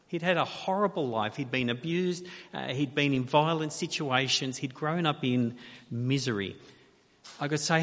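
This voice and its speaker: A man preaching a sermon, measured and emphatic, asking rhetorical questions with long pauses. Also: mid-range voice, a bit bright. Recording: reverberant hall.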